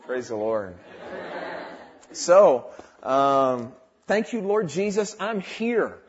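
Young guy preaching his testimony, high voice, swings quiet to loud, kinda muffled lo-fi. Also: animated, drawn-out words. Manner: fervent, swings from quiet to exclaiming. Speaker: speaker giving a testimony. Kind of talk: sermon testimony. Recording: dull lo-fi recording.

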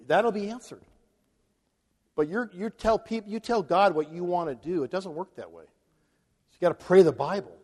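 A man's voice: fairly high pitch, expressive, moderate pace, darkish tone. A man preaching a conversational sermon to a large congregation, chuckling now and then between points. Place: large hall before a congregation. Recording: long hall reverb.

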